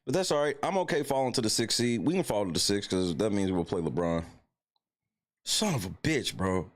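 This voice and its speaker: A man's voice: fairly low pitch, expressive, fairly quick. A man hosting a live stream, ranting and cursing in frustration about a basketball loss. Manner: profane, frustrated, swings from mutters to shouts. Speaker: livestream host. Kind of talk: casual live-stream rant.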